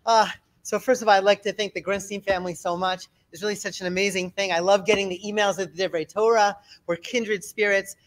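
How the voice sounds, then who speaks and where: Energetic male rabbi lecturer, animated, repeats for emphasis. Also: high voice, fairly quick. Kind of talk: lecture with slides.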